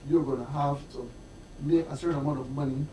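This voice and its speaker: A man's voice: on the high side, steady tone, quick pace, warm tone, far from the mic, a little hiss or hum. A Barbadian man on a discussion panel, walking through examples and checking in with "right?". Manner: lays out scenarios, asks "right?". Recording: roomy, off-mic.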